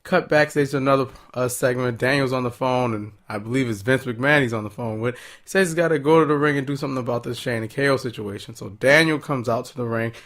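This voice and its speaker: A young man hosting a casual wrestling recap, chatty and amused, who breaks into quick high-pitched impressions of the wrestlers. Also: fairly bright tone.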